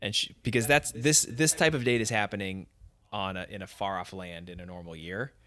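A man co-hosting a casual recap podcast. His voice sits a bit low, and he walks through the events conversationally, with ready laughter. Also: brisk, a bit bright, no room sound. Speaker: podcast co-host. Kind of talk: casual chat recapping a dating show.

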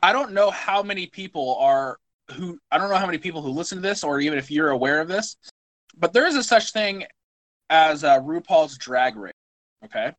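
Brief: man, casual podcast co-host, rambling, slightly higher voice. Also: lively intonation, brisk, fairly bright tone, rough recording. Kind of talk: casual chat.

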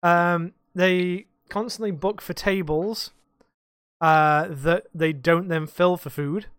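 A man's voice: high-pitched, fairly even intonation, slow pace, a bit bright, clean tone, dry recording, studio quality. A man co-hosting a casual podcast, telling rambling, sweary stories from his bar work. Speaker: podcast co-host; bar worker.

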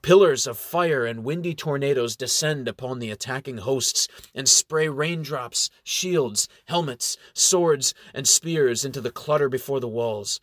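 A man narrating a fantasy battle story in a measured, dramatic way. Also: mid-range voice, a bit bright, dry recording, studio quality.

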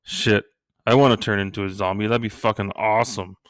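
In studio-quality audio with no room sound, a middle-aged Canadian comic keeps a steady tone at a fairly quick pace. He casually spins crude, jokey stories about his children and daily mishaps, shouting quoted lines in a high voice.

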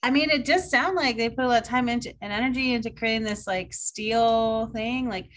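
A woman's voice: a little high, a little fast, fairly bright tone, poor audio. A chatty woman co-hosting a podcast, telling a story in a loose, rambling way and laughing often. A faint hiss of background noise runs under her voice. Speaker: podcast co-host. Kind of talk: casual chat.

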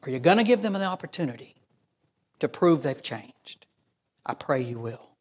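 A man's voice: fairly high pitch, big pitch swings, moderate pace, husky. A man preaching a sermon as pastor, emphatic, reading scripture aloud and acting out imagined voices.

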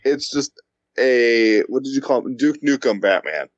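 A man's voice: medium pitch, measured pace, no room sound, highs cut off. A man co-hosting a casual comic book podcast, speaking bluntly and critically. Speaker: podcast co-host.

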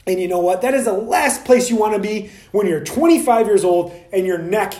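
A man ranting on a podcast, fired up and swearing freely, now and then mocking other practitioners in quick put-on asides. His voice sits high and has a mellow, dark tone. The room around him is roomy and echoey. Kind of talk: solo podcast rant.

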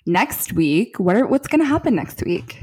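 A hoarse woman, chatting animatedly as a podcast co-host from her desk. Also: mid-range voice, sing-song, normal speed, darkish tone, rough recording. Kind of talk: casual chat.

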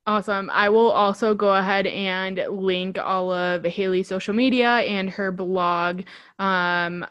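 A young woman in her twenties hosts a casual podcast and chats warmly with her guest. Her talk is full of ums and you-knows, gushing and thankful, recorded close and dry with no room sound. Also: mid-range voice, fairly even intonation, a little slow, smooth, dry recording, highs cut off. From Chicago, USA. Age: 20s. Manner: gushing, heavy fillers like um and you know. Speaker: podcast host.

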